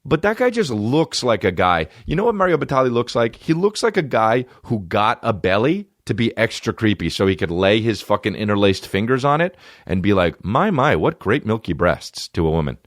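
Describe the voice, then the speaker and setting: A man's voice: on the low side, big pitch swings, fairly quick, few pauses, no room sound, clean studio sound. A man in his thirties hosting a comedy podcast, riffing profanely and slipping into mocking voices. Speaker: podcast host.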